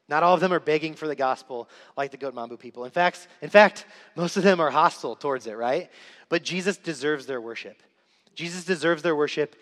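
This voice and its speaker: A young man preaching a sermon in a church, telling a story earnestly and repeating lines for emphasis. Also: on the high side. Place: church sanctuary. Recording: reverberant church hall.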